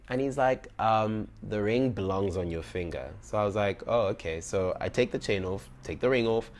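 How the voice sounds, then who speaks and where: A young man, telling a personal story in an animated, dramatic way and acting out his own dialogue. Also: fairly low pitch, normal speed. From South Africa.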